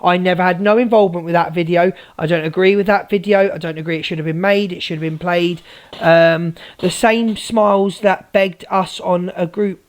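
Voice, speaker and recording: A woman's voice: on the low side, steady tone, moderate pace. A woman ranting angrily at viewers on a live stream, swearing and repeating herself.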